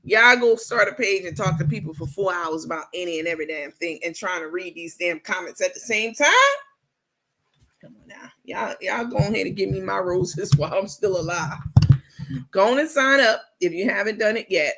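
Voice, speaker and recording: Woman, gravelly voice, sassy, casual late-night livestream chat, reading comments. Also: mid-range voice, sharp tone. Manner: sassy, salty, quick to laugh; reads and answers viewer comments. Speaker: livestream host.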